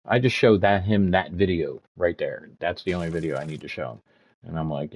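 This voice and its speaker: A man's voice: deep voice, a little fast. A man in his fifties streaming a game, ranting and swearing as he tells stories in casual chat. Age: 50s. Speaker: gaming streamer.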